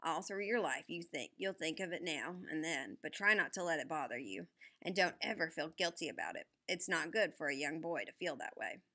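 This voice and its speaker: A folksy old country grandfather, kindly and quick to get excited, drawling in a slightly lowered, softer voice, as a woman narrator reads him. His tone stays bright and forceful underneath. Storybook audiobook reading. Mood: gentle, earnest.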